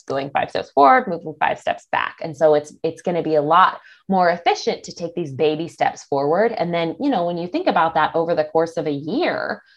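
Animated woman coach talking casually. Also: lowish voice. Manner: animated, acts out quoted thoughts. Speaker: body image coach, guest. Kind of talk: casual interview chat.

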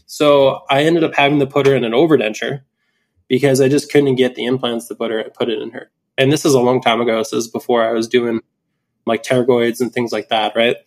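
An implant dentist tells a story about a surgical mistake in casual podcast chat, animated, swearing, and quoting his own inner reactions. He has a mid-range voice and a brisk delivery.

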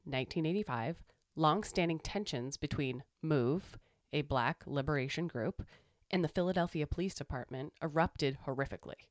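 A woman's voice: low-pitched, no room sound, studio quality. A woman podcast host who interviews her guest and reads out a short factual passage in a firm, plain way. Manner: brief backchannels, then a firm, plainly read account. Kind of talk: casual interview, reading a prepared passage.

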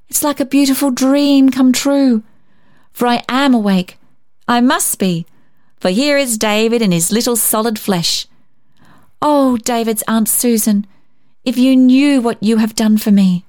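A woman voicing an eager, lonely grown woman who gushes in a hurried, emphatic way. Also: on the high side, darkish tone, no room sound, studio quality, voice pushed up, close to an everyday voice. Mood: overjoyed.

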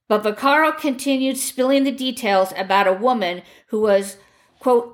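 A woman narrating a true crime story in a grave, measured reading voice. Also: a little high, animated.

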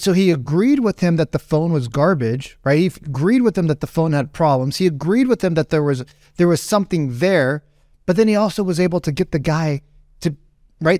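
A man's voice: fairly high pitch, no room sound. Rambling man telling a story, close and dry. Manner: rambling, animated, acts out quoted voices. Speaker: podcast host. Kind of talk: casual storytelling monologue.

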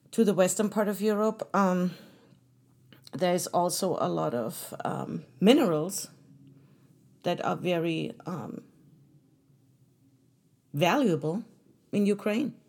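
A woman's voice: fairly low pitch, slow, long pauses, a little mellow. Earnest woman hosting a solo podcast. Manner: earnest, conversational, with fillers and restarts. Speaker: podcast host.

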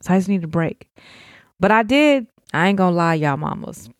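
A middle-aged woman hosting a podcast, talking with deep feeling and speaking straight to other mothers in casual, heartfelt chat. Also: animated, moderate pace, no echo, studio quality. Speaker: podcast host. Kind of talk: heartfelt casual talk to listeners.

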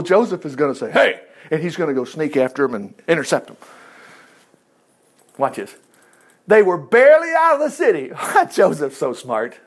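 A man preaching and retelling a Bible story in a playful, animated way, laughing often and acting out the characters' lines. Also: high-pitched. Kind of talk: sermon-style Bible storytelling.

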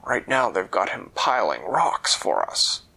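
A man's voice: fairly low pitch, big pitch swings, measured pace, gravelly, bright, forceful tone, heavily acted. A man voicing ogres in a storybook tale, chatting matter-of-factly about a captive dragon. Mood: casual.

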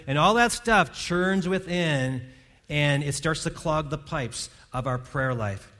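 A man's voice: fairly high pitch, big pitch swings, moderate pace, pushed and bright. A man preaching a sermon from a church stage, earnest and conversational, often restarting his words. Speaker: pastor. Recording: long hall reverb.

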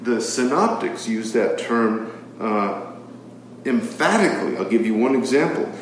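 A man's voice: mid-range voice, animated, a little slow, slight background noise. A man teaching a Bible study to a live group, reading scripture aloud and posing rhetorical questions, with frequent fillers. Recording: very echoey room, far from the mic.

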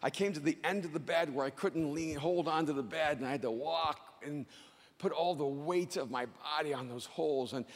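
A man giving a motivational speech to a live audience, loud and emphatic, often near a shout, with slow dramatic phrasing. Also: on the high side, big-room sound. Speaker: motivational speaker.

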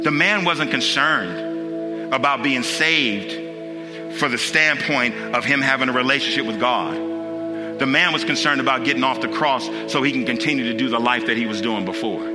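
Impassioned preacher in a ringing hall. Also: male voice, medium pitch, measured pace, long pauses. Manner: impassioned, repetitive, rising to urgent questions. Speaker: pastor. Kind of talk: sermon. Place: church sanctuary. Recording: long hall reverb with music underneath.

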